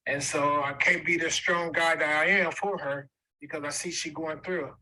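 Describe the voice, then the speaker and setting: Bright-voiced man giving emotional testimony. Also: on the high side, fairly even intonation, normal speed, poor audio. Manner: emotional, repeats for emphasis. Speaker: guest speaker. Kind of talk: personal testimony.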